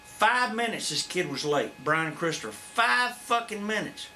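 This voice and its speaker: Brief: foul-mouthed man, fifties, drawl, high and lively delivery, faint hiss. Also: a little slow. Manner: blunt, profane, animated storyteller. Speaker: interview guest, former wrestler. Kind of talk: profane shoot interview storytelling. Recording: faint background noise.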